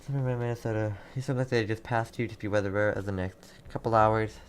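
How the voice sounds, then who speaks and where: A young man hosting live storm coverage, reading out town after town and answering chat, halting and repeating himself. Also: fairly low pitch, steady tone, a little hiss or hum. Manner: rapid town-by-town updates, halting and repetitive. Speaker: livestream weather host.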